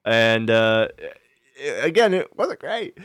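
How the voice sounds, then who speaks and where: A man spinning a loose, rambling story on a podcast, laughing as he goes and tripping over his own restarts. His voice is mid-pitched and sits dry and close to the mic. The chat is casual and comic. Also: very animated, slow pace, fairly bright tone, clean tone, dry recording. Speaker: podcast guest, actor.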